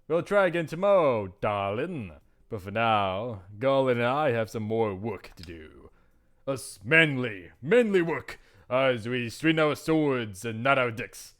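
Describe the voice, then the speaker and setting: A man's voice: medium pitch, expressive, measured pace, fairly bright tone. A man playing a flirtatious swordsman. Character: charming swordsman mentor, smooth and playfully vain.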